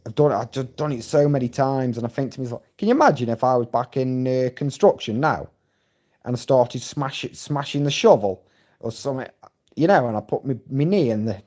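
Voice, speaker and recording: A man's voice: mid-range voice, a little mellow. Sweary Scottish man on a live stream. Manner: rambling, sweary, blunt. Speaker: livestreamer. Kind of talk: casual live-stream chat.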